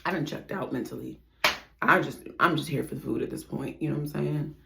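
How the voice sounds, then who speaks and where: A young woman tells a storytime in a casual, profane way. Her voice sits a little low, and she jumps between loud outbursts and quiet muttered asides. The room is echoey. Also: brisk, vocal fry, very noisy. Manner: animated, profane, swings between loud exclamations and hushed asides. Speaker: storytime vlogger.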